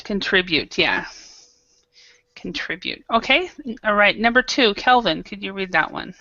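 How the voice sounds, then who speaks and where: Over a video call, a woman teaches an online English class, patiently modelling pronunciation. Her mid-range voice is animated, pushed and bright at a moderate pace, with no echo, though the call audio is dull and lo-fi.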